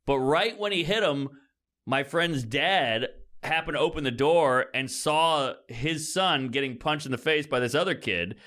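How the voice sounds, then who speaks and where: A man in his thirties co-hosting a podcast, chatting casually and telling animated stories. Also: a little slow. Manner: animated storytelling, jumps high when quoting people. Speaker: podcast co-host. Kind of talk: casual chat.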